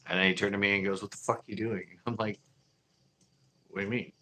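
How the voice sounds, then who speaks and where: Speaking fast in a flat, sharp-toned delivery, a man with a fairly low voice recounts his fishing tournament stories for his channel. He's laid-back, frequently laughing while acting out others' lines, and the recording is rough.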